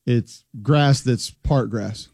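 A man co-hosting a casual sports talk show, reading facts aloud in a deadpan way. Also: mid-range voice, takes it slowly, vocal fry, dry recording, studio quality.

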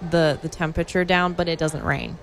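A young woman co-hosting a show, chatting in a relaxed way and thinking out loud. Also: deep voice, brisk, slight background noise, low-quality recording. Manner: relaxed, laughs often, thinks aloud. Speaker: radio show co-host. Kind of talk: casual on-air banter.

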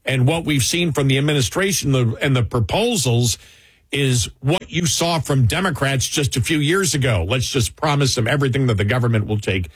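A man discussing politics on a talk show in a heated, indignant manner, with a husky voice. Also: medium pitch, moderate pace, no room sound.

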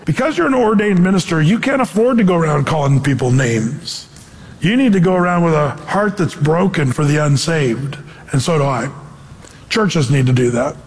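A man preaching a conversational sermon as pastor, animated and acting out quotes in voices. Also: fairly high pitch, moderate pace, big-room sound.

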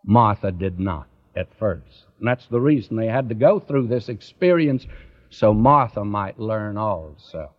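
A man preaches slowly and earnestly, his pitch rising and falling widely as he presses direct questions on his listeners. The recording is dull and lo-fi. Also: animated. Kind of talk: sermon.

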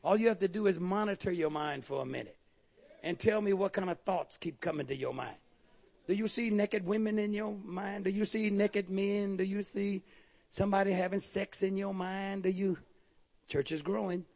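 A man preaching a fervent sermon in a church service, calling out to the congregation and breaking into quick asides. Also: high-pitched, creaky, a little mellow.

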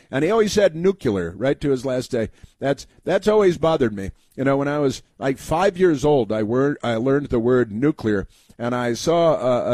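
A man hosts a call-in radio show in a rambling, chatty way, full of fillers and restarts. His voice sits at a middle pitch and is recorded close and dry in the studio, with no room sound around it. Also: darkish tone, no echo. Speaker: radio talk show host.

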